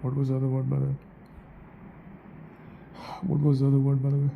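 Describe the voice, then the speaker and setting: Gravelly man musing aloud to himself. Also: mid-range voice, monotone, a little fast, highs cut off, slight background noise. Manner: self-questioning, wandering, corrects his own words. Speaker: vlogger. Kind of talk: rambling solo monologue.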